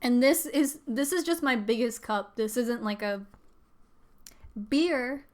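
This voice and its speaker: Chatty woman live streaming, clear voice. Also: fairly high pitch, expressive, slow. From Pennsylvania, US. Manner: chatty, rambling with fillers and laughs. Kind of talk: casual live stream chat.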